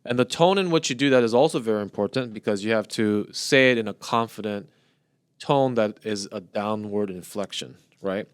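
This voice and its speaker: A man's voice: on the low side, normal speed, clear, resonant tone, no echo, studio quality. A man in his thirties co-hosting a podcast, explaining ideas in loose, restarting phrases. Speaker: podcast co-host. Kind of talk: casual podcast chat.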